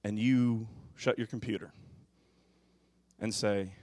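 A man preaching a sermon as pastor, moving from quiet, musing passages to loud, impassioned bursts. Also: lowish voice, fairly even intonation, slow pace, no room sound.

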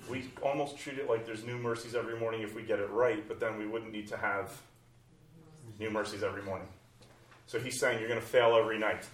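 A man preaching a sermon, animated, moving between loud exclamations and soft hushed passages. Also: on the low side, fast talker. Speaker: pastor. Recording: roomy, from far off the mic.

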